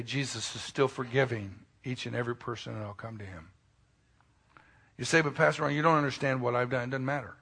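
Guy pastor giving a sermon, gravelly voice, gets loud then drops real soft, cracks little jokes. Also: medium pitch. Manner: swings between loud emphatic peaks and quiet, intimate asides; joking, folksy asides.

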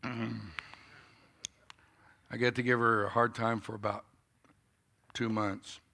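A man in his fifties preaching a sermon, telling a story in a style that moves from quiet reflection to loud, animated telling. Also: mid-range voice, takes it slowly, gravelly. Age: 50s.

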